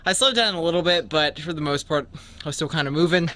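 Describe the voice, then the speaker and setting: High-voiced young man vlogging on a run. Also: quick pace, bright, forceful tone. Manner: chatty, talks while jogging outdoors. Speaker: vlogger training for a marathon. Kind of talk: casual running vlog. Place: outdoors on roads while running. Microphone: handheld camera while running. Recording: faint outdoor noise with wind.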